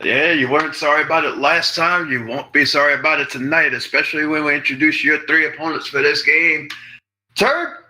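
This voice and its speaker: Bright-voiced joking game show host man. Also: on the high side, steady tone, a little fast, rough recording. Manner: joking, teasing contestants. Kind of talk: playful game show hosting.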